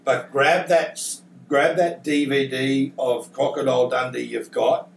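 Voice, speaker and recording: A man's voice: medium pitch, steady tone, a little slow, gravelly. A man with an Australian accent hosting a casual interview, joking and rambling with many restarts. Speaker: podcast host. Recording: echoey room, distant mic, faint noise.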